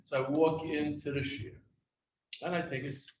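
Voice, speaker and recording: A middle-aged eulogist shares humorous stories from his own life at a memorial in a synagogue hall, his voice a little high, level in tone, and moderately paced. The echoey recording is made from far off and carries faint noise.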